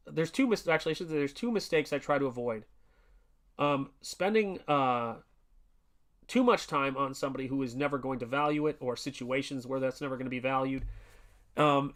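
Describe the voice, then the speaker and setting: A man's voice: fairly high pitch, fairly bright tone. A man in his forties hosting a casual art livestream, talking earnestly and rambling with many restarts and fillers. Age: 40s. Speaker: artist livestream host.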